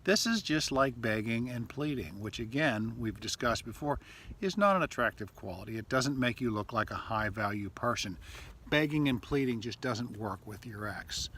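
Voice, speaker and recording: Speaking to camera in a casual advice video, a male relationship coach has a mid-range, expressive voice that's a bit bright and slightly rough, at normal speed. He talks loosely and conversationally, using frequent fillers and acting out sample texts.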